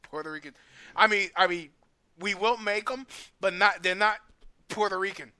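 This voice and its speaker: A male host with a fairly high, bright and forceful voice. He talks casually and cracks crude jokes in rapid bursts. He laughs a lot as he goes. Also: clean tone, no room sound. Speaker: show host. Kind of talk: casual comedic chat.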